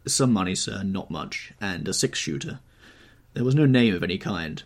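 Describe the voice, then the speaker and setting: A man's voice: sits low, animated, normal speed. A man voicing a plain, respectful country gamekeeper in an audiobook reading. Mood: deferential. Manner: respectful, blunt and rustic. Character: plain, deferential male gamekeeper, older.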